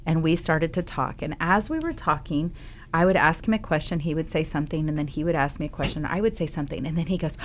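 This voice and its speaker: Woman radio host, slightly low voice, chatty storyteller with ums. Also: fast, slight background noise. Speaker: Christian radio show host. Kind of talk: casual faith talk on radio. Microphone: studio microphone.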